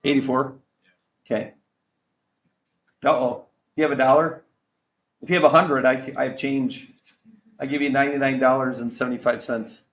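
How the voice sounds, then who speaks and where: A man's voice: medium pitch, fairly even intonation, normal speed, pauses often. A male math teacher talking a class through calculator work, chatty and joking, with exasperated asides. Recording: echoey classroom with faint background ambience.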